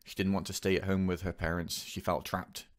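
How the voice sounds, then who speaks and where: Here a young vlogger opens up in a personal monologue, his voice sitting low and his tone level. He stumbles along haltingly, stopping and starting over many times.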